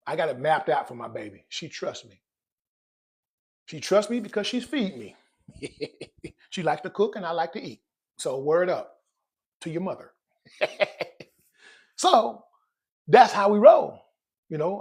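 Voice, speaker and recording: A man's voice: fairly high pitch, darkish tone, husky. A man chatting casually to his channel's viewers about money, joking and calling out to them directly. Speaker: personal finance vlogger. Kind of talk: casual chat to camera.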